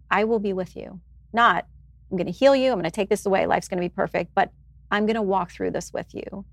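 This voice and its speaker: A woman's voice: medium pitch, no room sound. A woman in her forties, a news anchor and author, telling an earnest, emotional story of her own in a candid interview.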